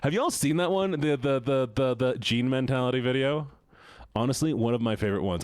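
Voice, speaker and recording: A man's voice: mid-range voice, a little fast, dry recording, clean studio sound. A man streaming a game live, chatting casually with his chat, joking and laughing often, at a desk mic at home.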